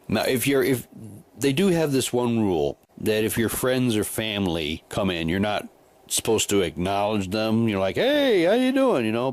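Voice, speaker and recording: A man tells a casual story in a somewhat low voice. He rambles, restarts sentences and repeats words as he goes. At times his voice sinks lower and softer. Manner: drops to a quieter, lower voice for long stretches. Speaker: haunted house volunteer actor.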